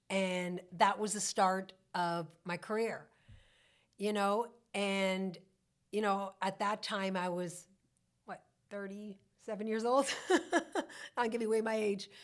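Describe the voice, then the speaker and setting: Candid woman in her forties. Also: mid-range voice. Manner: candid, heartfelt, many "you know" fillers. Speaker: mortgage broker. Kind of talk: personal story on a podcast.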